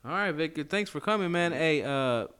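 A man's voice: fairly high pitch, lively intonation, moderate pace, a bit bright, clean tone. A man hosting an improvised comedy chat, playful and laughing, with loose slangy talk. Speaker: comedy host interviewing characters.

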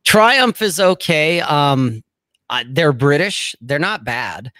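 A man's voice: fairly high pitch, sing-song, slow pace, sharp tone, dry recording. A middle-aged man co-hosting a casual chat, talking bluntly and rambling, with frequent swearing. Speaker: co-host.

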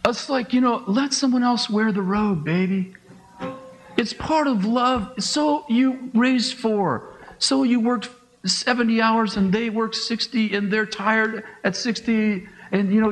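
A middle-aged man, a pastor, preaching a conversational sermon with quick asides, acted-out dialogue and laughs. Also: high voice, a bit bright, poor audio.

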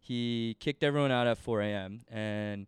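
A man's voice: mid-range voice, normal speed, clean tone, no room sound. A young adult man from Canada, telling a rambling, slangy story in casual podcast chat and acting out what others said. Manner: rambling, slangy, animated retelling with quoted voices.

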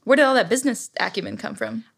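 A woman's voice: a little high, big pitch swings, fast talker, creaky, breathy edge. A woman hosting a live podcast interview, asking questions and backing the guest with short affirmations. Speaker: podcast host.

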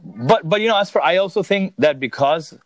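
A man's voice: fairly high pitch, animated, a little fast, no echo. Sex: man. Role: comedian. Sound: dry, close. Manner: emphatic, agreeable interjections. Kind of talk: casual chat.

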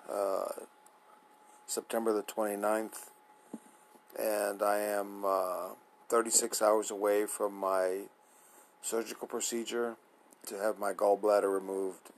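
A man with a fairly low voice hosts his own show in a loose, rambling monologue. He trails into fillers and restarts, sounding drowsy and a little apprehensive. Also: poor audio. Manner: nervous, apprehensive. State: sleepy, yawning. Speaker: podcast host. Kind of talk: casual solo monologue.

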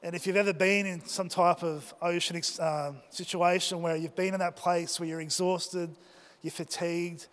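High-voiced man telling a story in a hall. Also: normal speed, smooth. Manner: animated, acts out his own thoughts and shouts. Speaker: speaker addressing a live audience. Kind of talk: personal storytelling talk. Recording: reverberant hall.

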